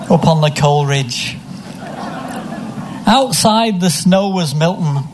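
Deadpan man reading a pun-filled story. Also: high-pitched, slight background noise. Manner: deadpan delivery of literary puns. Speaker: comic poetry performer.

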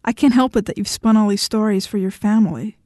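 A woman's voice: mid-range voice, fast talker, dark tone, no echo, clean studio sound, natural voice. A woman reading the part of a blunt, defiant young woman in an audiobook, curt and scornful.

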